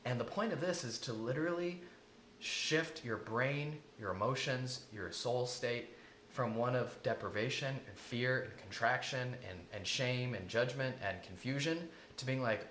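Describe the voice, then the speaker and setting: Male coach, mid-pitched, earnest and rambling delivery; roomy recording with faint background noise. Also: a little slow, a bit bright. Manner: earnest, rambling, with many restarts and fillers. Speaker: emotional eating coach. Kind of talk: casual spoken lesson. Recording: echoey room with faint ambient noise.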